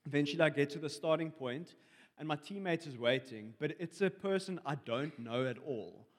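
A man's voice: fairly high pitch, moderate pace, long reverb tail. A young man sharing a dream in church, telling it in a rambling, hesitant way full of fillers. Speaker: congregation member sharing a dream. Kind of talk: personal testimony in church. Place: church hall.

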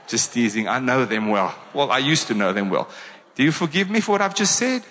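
A man with a South African accent preaching a sermon to his congregation, energetic and full of rhetorical questions. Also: mid-range voice, fairly quick, big-room sound. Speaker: pastor. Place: church hall.

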